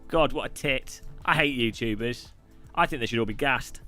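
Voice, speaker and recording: A man's voice: medium pitch, moderate pace, sharp tone, soft background music. A man from the UK hosting a live stream, answering questions while racing, with joking, irreverent chatter.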